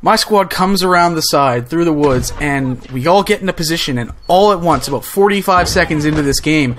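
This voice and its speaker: A young man tells a story in a relaxed, casual way. His voice sits a little on the high side, and he gets more and more excited as he rambles along. He keeps stumbling over fillers and restarting his sentences. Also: brisk, a little hiss or hum. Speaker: gaming channel host.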